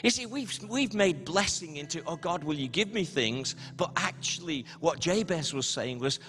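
A man preaching a sermon as a pastor, leading the congregation in repeat-after-me prayers with slow, emphatic delivery. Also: on the high side, expressive, fairly bright tone, big-room sound, faint music behind. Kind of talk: sermon with call-and-response prayer. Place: church hall, live-streamed service.

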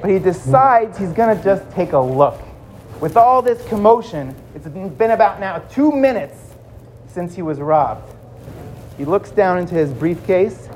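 A man telling a dramatic story to children, swinging between loud and hushed. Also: high-pitched, expressive, a little slow, slight background noise.

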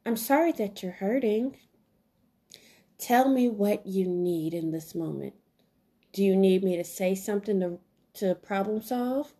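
A woman's voice: mid-range voice, expressive, a little slow, pauses often, dark tone, slightly rough. A woman hosting a solo podcast, giving an earnest, encouraging self-help talk with lots of repetition. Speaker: podcast host.

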